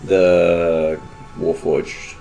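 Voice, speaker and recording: A man playing a tabletop game, calling out his character's actions. His voice is very deep. He speaks slowly and hesitantly, with many ums. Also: flat delivery, mellow, faint music behind. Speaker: player. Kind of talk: casual tabletop game chat.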